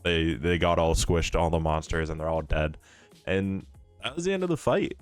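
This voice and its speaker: A man's voice: deep voice, lively intonation, moderate pace, clear, resonant tone, faint music behind. A man co-hosting a casual podcast, retelling an anime episode with laughs and quoted lines. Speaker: podcast co-host. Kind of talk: casual anime recap chat.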